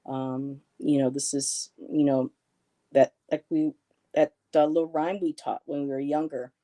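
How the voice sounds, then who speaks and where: Speaking a little slowly in a low, dark voice with little pitch movement, this woman runs a live stream where she does tarot card readings. She's chatty and reassuring, answering her chat, reading comments out loud and laughing a lot.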